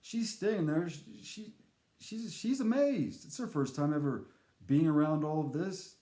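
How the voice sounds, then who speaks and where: A man telling a casual spoken anecdote in a rambling, animated way, with fillers and restarts. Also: a little high, a little slow. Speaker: storyteller. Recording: echoey room.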